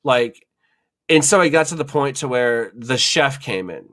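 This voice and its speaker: A man's voice: medium pitch, animated, measured pace, fairly bright tone. A man hosting a podcast, telling a kitchen story in a loose, rambling way full of swearing and fillers. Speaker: podcast host. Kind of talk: casual storytelling chat.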